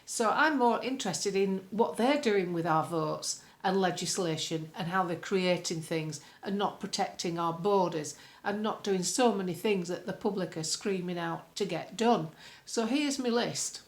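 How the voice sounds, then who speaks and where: A woman's voice: lowish voice, measured pace. A woman from the UK, a political commentator, recording a blunt, opinionated vlog monologue at home with colourful sayings. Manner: blunt, colloquial, earthy sayings.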